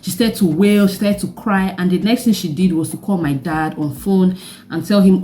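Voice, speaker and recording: A young Nigerian woman vlogs a personal story in her Nigerian accent, animated and breaking into laughing asides. Her voice sits on the low side and she keeps a moderate pace.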